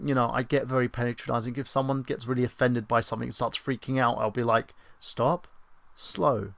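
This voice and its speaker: A man's voice: medium pitch, little pitch movement, fast talker, vocal fry, no echo. A British man in his thirties hosting a livestream, chatting in a rambling, sarcastic, self-mocking way with casual swearing. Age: 30s. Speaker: livestream host.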